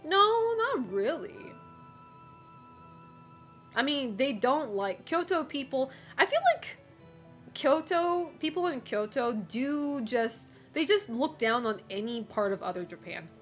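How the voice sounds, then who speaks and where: Woman, fairly high-pitched streamer, playful teasing banter, cusses and laughs often, quiet music bed behind. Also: sing-song, slow. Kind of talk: casual chat reading and answering live chat.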